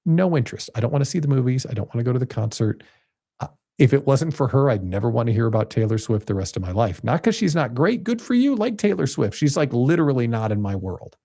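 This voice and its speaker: A man in his fifties hosting a podcast, telling a personal story in a casual, animated way and jumping higher in pitch when he gets excited. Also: fast. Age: 50s. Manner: animated storytelling, jumps high when quoting himself excitedly. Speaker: podcast host. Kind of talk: casual monologue.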